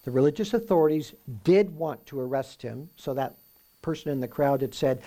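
A man preaching through a Bible passage in a conversational way, often checking in with "right?" and reading the verses slowly with emphasis. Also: on the high side, big pitch swings, darkish tone. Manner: reads scripture aloud slowly and with emphasis. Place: room with a live audience.

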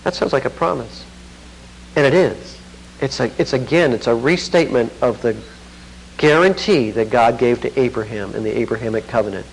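A man's voice: moderate pace, gravelly, slight background noise, rough recording. A man preaching an expository sermon, reading scripture aloud and commenting with earnest, swelling emphasis. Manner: earnest, rising to fervent emphasis then dropping low.

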